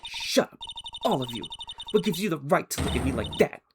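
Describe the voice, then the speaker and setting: A man's voice: fairly high pitch, lively intonation, a little fast, background noise, pitched above the performer's own voice, lightly acted. A man voicing a brash, sly young woman witness who whines petulantly and sneers at the lawyers. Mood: petulant whining. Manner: pouty, baby-talk whining, then sneering. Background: game music.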